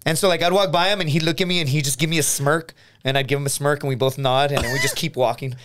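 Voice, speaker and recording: An American man, a podcast co-host, telling a story in casual chat, animated and full of restarts, acting out his friends' lines. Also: on the high side, fast, clear, resonant tone. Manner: animated, restarts a lot, acts out quoted friends.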